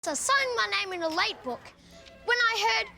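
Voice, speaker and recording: A woman's voice: extremely high pitch, animated, normal speed, vocal fry, heavily acted. A woman voicing a bossy schoolchild who plays detective in a mock-serious, dramatic way. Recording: music playing underneath.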